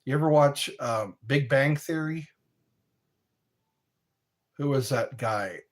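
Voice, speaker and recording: A man on a livestream talks slowly in a mid-range voice. His chat with viewers is casual and rambling as he answers their comments, and he laughs softly a lot.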